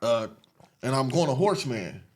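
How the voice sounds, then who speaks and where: A man from the Los Angeles area, a podcast guest retelling his past in an animated, streetwise, profane way. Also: medium pitch, normal speed. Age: adult, after an 18-year sentence. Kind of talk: casual storytelling interview.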